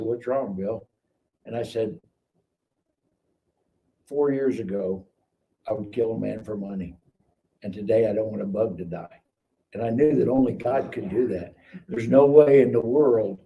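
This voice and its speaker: A middle-aged man on a live stream, telling his life story in casual, animated speech and acting out the people in it. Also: fairly low pitch, vocal fry. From Kansas City area. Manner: animated, acts out quoted dialogue. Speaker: guest telling his testimony. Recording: distant mic with faint background noise.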